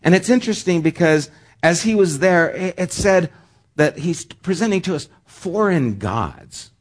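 A man's voice: high voice, animated, unhurried. A man preaching a sermon as pastor, talking in a conversational way with joking asides.

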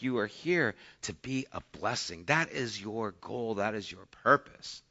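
A man preaching a sermon who reads scripture aloud and explains it conversationally, swinging between soft asides and emphatic points. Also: lowish voice, lively intonation, unhurried, few pauses, highs cut off. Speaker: pastor.

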